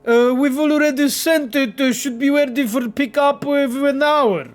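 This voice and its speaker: A man doing a fussy male mechanic with a Polish accent from Bielsko-Biała, who speaks politely and haltingly. The voice sits fairly high for a man, and soft music plays in the background of the game stream. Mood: polite hesitant. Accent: Polish, from Bielsko-Biała, put on. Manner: polite, hesitant, apologetic.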